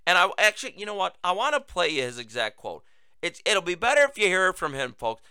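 A man's voice: sits high, big pitch swings, fast, pushed and bright, clean tone, no echo. A man hosting a political talk show, delivering a sarcastic, mocking monologue. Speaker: host.

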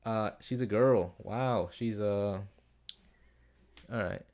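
A young man talks into his home setup in a low, gravelly voice, reading out listener questions for his casual advice podcast. He rambles, curses freely and keeps losing his thread. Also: takes it slowly, darkish tone. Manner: rambling, swears, gets off topic. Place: home room with window, street noise outside. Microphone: desktop computer setup.

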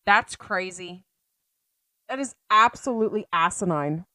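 A woman's voice: lowish voice, unhurried, sharp tone, dry recording, studio quality. A woman co-hosting a casual podcast, blunt and outspoken in her replies. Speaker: podcast co-host.

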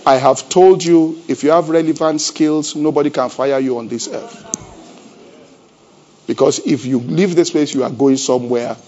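High-voiced pastor preaching. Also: male voice, moderate pace, a little hiss or hum. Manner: preaching with repeated rhetorical questions to the congregation; animated, swings between loud emphatic and low conversational delivery. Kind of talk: sermon. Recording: dull lo-fi church recording.

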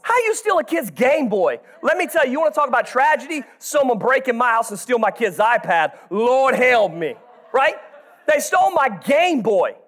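A man in his thirties preaching a sermon with energy, breaking into shouts and joking asides to the congregation. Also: extremely high pitch, big pitch swings, moderate pace.

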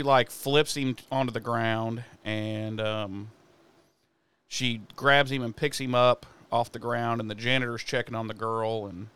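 A man co-hosting a casual recap podcast. His voice is smooth and resonant at a middling pitch, and he tells the story with animated, acted-out quotes and plenty of casual swearing. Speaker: podcast co-host.

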